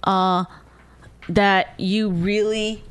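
A woman co-hosting with her husband, arguing back in a measured, pointed way. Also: mid-range voice, fairly even intonation, slight background noise. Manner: measured and pointed, often trails off. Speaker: co-host, the host's wife. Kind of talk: casual couple argument on a podcast.

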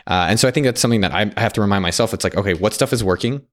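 A quick-talking man with a lower voice hosts a relaxed conversation. He asks curious follow-ups and thinks out loud. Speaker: podcast host. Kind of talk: casual interview chat.

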